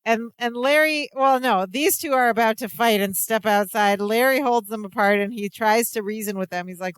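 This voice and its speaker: A podcast co-host casually retelling a sitcom episode, acting out the characters' lines in quick voices. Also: mid-range voice, fairly bright tone, clean tone, no room sound.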